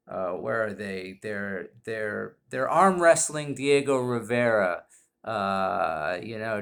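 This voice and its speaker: Slow, halting, deadpan man. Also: medium pitch, clear, resonant tone. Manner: rambling, halting, deadpan, heavy with fillers. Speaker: whisky reviewer. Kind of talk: comedic monologue review. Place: indoors at home.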